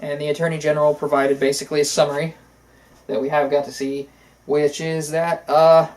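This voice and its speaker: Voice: medium pitch, flat delivery, brisk, darkish tone, poor audio. Casting: talk co-host, casual political chat, opinionated, long rambling runs, filler-heavy. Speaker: podcast co-host.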